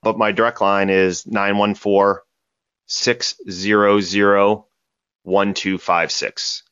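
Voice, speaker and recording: A man's voice: lowish voice, level tone, takes it slowly, a bit bright, clear, resonant tone, no room sound. A man as a podcast guest, telling stories animatedly and tagging points with "right?". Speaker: cybersecurity company guest. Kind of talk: podcast interview answers. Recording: dull lo-fi dry audio.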